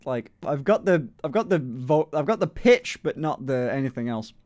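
A man's voice: mid-range voice, expressive, normal speed, darkish tone, no echo, clean studio sound. A young man streaming live in casual chat, swearing freely, laughing often and testing out voices. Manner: swears freely, laughs a lot, playful voice experiments.

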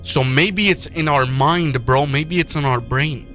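A man's voice: on the high side, unhurried, bright, forceful tone, faint music behind. A man chatting casually while playing a game with friends, urging the group along. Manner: bossy, urges the group on. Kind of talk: casual gaming chat.

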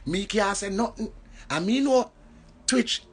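A man from Jamaica with a Jamaican accent, telling an animated story in casual patois. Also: high-pitched, unhurried, breathy edge. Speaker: entertainer.

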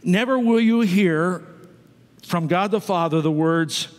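Pastor guy giving a sermon, talks slow and chatty with the crowd, echo off a big church room. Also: high voice. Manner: conversational preaching with asides to the congregation. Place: church sanctuary. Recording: long reverb of a church sanctuary.

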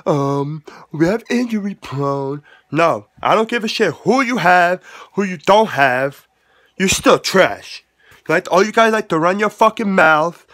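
A man ranting at rival sports fans in a home vlog, swearing a lot, mocking them and breaking into loud laughter. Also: high voice. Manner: profane, mocking, laughing loudly. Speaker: vlogger. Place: at home with the game on TV. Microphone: facing the camera.

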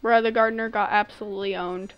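A young woman streamer reacting dramatically to a game as she plays, scolding her teammates and shouting out. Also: medium pitch, fairly even intonation, quick pace, clear, resonant tone, muffled recording, soft background music. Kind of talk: live game commentary.

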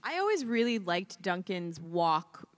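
A woman in her forties, an actress on a convention panel, speaking softly and reflectively about favorite scenes. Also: lowish voice, big pitch swings, unhurried. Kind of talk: casual panel chat.

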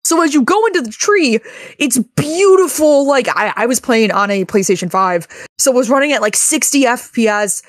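A young woman with a fairly high voice retells a game's plot in casual podcast chat. She tells it with animated energy, peppered with fillers and the odd curse. The sound is close and dry, with no room around it. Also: normal speed, no echo. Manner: animated storytelling, full of fillers and swearing. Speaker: podcast co-host. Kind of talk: casual chat recapping a video game.

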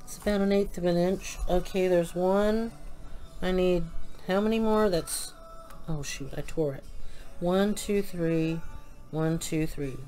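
A woman talks her way through a craft project at her desk, slow and unhurried. Her voice is mellow and lowish, with soft music in the background. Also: low-quality recording. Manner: chatty, thinks aloud while working; hums and sings softly to herself. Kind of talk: casual crafting narration.

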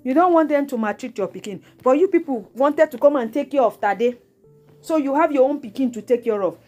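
A woman's voice: high voice, animated, a little fast, a little mellow, faint music behind. A woman with a Nigerian accent giving mocking gossip commentary to her viewers, repeating herself and breaking into laughter. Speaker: celebrity gossip vlogger.

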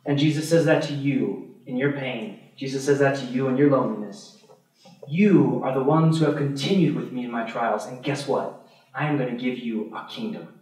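A male priest giving an adult formation talk, lively and often laughing as he tells stories. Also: mid-range voice, normal speed. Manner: animated, laughs while telling stories. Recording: echoey room, mic far off.

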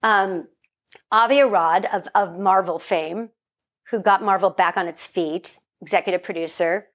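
A woman guest in a casual interview, a lively storyteller who acts out quotes and laughs often. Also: mid-range voice, moderate pace.

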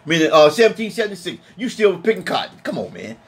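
A man teaching from the Bible in an emphatic, colloquial sermon, slowing down to read scripture. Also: high voice, big pitch swings, husky. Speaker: preacher.

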